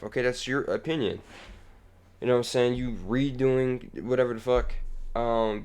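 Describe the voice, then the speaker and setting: A young man running a music channel, talking casually in a rambling, profane way that moves from low mumbling to heated ranting. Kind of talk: casual reaction vlog.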